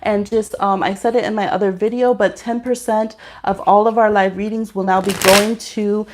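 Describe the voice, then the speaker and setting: A woman gives live tarot readings from home, talking casually into her computer microphone. Her voice sits in a middling pitch, and she fills her speech with "um" and "like" as she reads out viewers' questions. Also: fairly even intonation, moderate pace, slight background noise. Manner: chatty, reads chat aloud, many fillers and "like".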